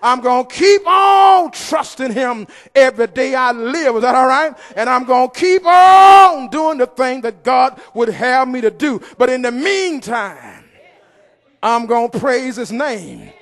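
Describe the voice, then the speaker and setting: A man, preaching in a church. He delivers his sermon slowly and with great force, shouting and half-singing as he calls out to the congregation. His voice rings with the long reverb of a large hall. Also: extremely high pitch, expressive.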